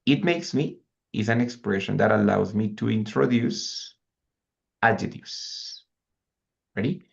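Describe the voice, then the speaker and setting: Male language teacher, low gravelly delivery, repeats examples, muffled recording. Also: measured pace. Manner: patient, repeats example phrases and checks in with "right?" and "ready?". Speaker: English teacher. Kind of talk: online language lesson, mixing English and Spanish.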